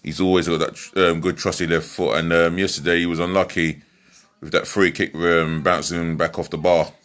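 Deep-voiced man previewing football. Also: little pitch movement, moderate pace, a bit bright. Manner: chatty, rambling, many fillers and restarts. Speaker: football fan vlogger. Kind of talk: casual match preview vlog. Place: at home.

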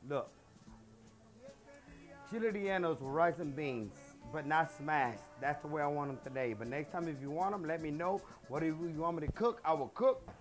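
A man's voice: on the high side, moderate pace, faint music behind. A middle-aged man, hosting a casual home cooking show in his kitchen, chatty and boastful, dropping phrases as he goes.

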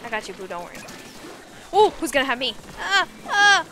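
A woman streaming a game live, chatting casually and reacting excitably to the action. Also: high-pitched, a little fast, a little hiss or hum. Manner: animated, excitable, squeals and laughs at the game.

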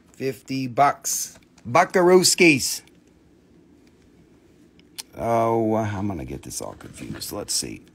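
A man hosting a live online sale, chatting casually in a playful, goofy, joking way. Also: mid-range voice. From Appalachian region of the United States. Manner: playful, goofy, jokey wordplay. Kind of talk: casual live auction chat.

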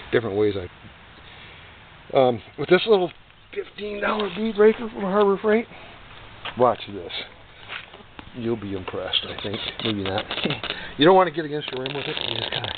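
Folksy man on tinny distant audio. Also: medium pitch. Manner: folksy, rambling, joking asides. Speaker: DIY motorcycle repair vlogger. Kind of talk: casual how-to demonstration. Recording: tinny distant noisy phone-like sound.

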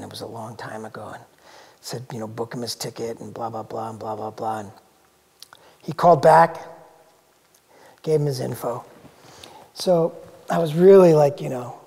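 A middle-aged man, a jazz drummer in a documentary interview, reminiscing in a relaxed, rambling way, full of "you know". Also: mid-range voice, vocal fry. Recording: long hall reverb.

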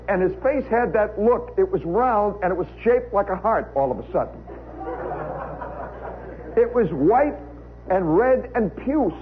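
Wry American man telling a radio story. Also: very high voice. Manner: wry, conversational, with frequent "you know" asides. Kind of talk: humorous live monologue storytelling. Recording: tinny 1960s radio broadcast recording, faint hiss.

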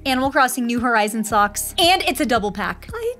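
A woman showing off a shopping haul, bubbly and gushing with excitement. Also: on the high side, brisk, soft background music. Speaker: haul vlogger. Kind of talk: product haul show-and-tell.

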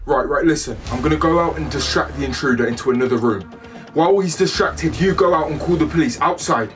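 A man's voice: on the high side, fast talker, fairly bright tone, natural voice. A man voicing a bossy, protective schoolteacher, giving urgent orders over background music. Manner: urgent, commanding. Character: protective male school trip teacher, brave and bossy.

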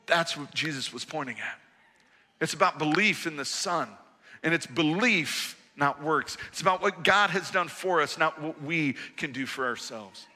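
Male preacher, high and bright, animated storyteller, church hall echo. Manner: animated storytelling, acts out quoted voices. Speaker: pastor. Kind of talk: sermon. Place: church auditorium.

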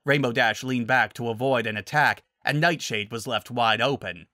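A man narrating a dramatic story reading in an animated way. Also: mid-range voice, normal speed, no room sound, studio quality.

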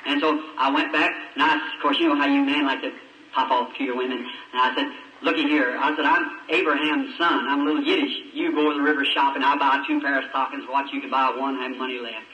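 A man's voice: mid-range voice, steady tone, brisk, bright, forceful tone, highs cut off, a little hiss or hum. A man preaching in a folksy, emotional storytelling way with plain country grammar, recorded from a distance on an old roomy sermon tape.

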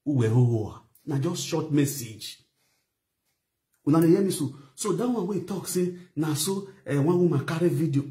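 A young adult man from Nigeria with a Nigerian Pidgin English accent, talking straight to his viewers in a casual, animated live video monologue and repeating his points. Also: a little high. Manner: animated, addresses viewers directly, repeats phrases. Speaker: online show host.

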